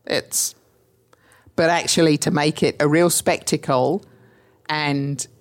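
A woman's voice: deep voice, takes it slowly. A woman with a mixed English and New Zealand accent, chatting emphatically as a podcast guest. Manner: animated, emphatic storytelling. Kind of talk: enthusiastic interview chat.

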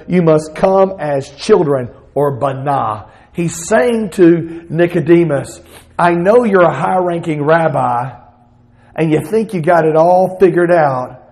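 Man, southern accent, high voice, preaching, animated. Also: low-quality recording. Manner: expressive preaching, voicing Jesus in bursts. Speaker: pastor. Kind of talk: sermon.

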